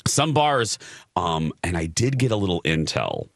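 A man's voice: deep voice, wildly swooping pitch, measured pace, gravelly, no room sound, studio quality. A man co-hosting a radio talk show, chatting casually and laughing often.

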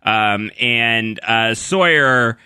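A man's voice: medium pitch, drawn-out words, sharp tone, clean tone, no room sound, studio quality. A man co-hosting a podcast, chatting casually and recapping TV scenes with many fillers. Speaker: podcast co-host. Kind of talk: casual chat.

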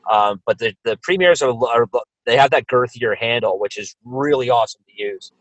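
A man's voice: medium pitch, normal speed, no room sound, low-quality recording. A man co-hosting a podcast, chatting casually and telling stories with acted-out quotes. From Canada. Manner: animated storyteller, acts out quotes. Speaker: podcast co-host. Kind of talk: casual chat.

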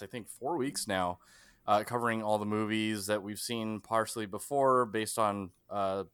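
A man's voice: lowish voice, a bit bright, clear, resonant tone, no room sound. Guy hosting a podcast, keeps cracking up and stumbling, dry close sound. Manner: giggly, stumbling over words. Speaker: podcast host. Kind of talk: casual chat.

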